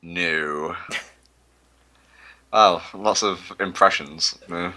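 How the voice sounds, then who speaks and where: A man's voice: low-pitched, very slow, sharp tone. A man co-hosting a gaming livestream, rambling and self-mocking in casual chat. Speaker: livestream co-host.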